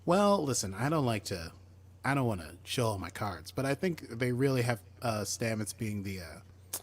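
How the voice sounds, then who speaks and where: A man's voice: medium pitch, big pitch swings, moderate pace. A man co-hosting a podcast, chatting casually as he retells a TV episode and acts out bits of the characters' lines. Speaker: podcast co-host. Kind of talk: casual chat recapping a TV episode.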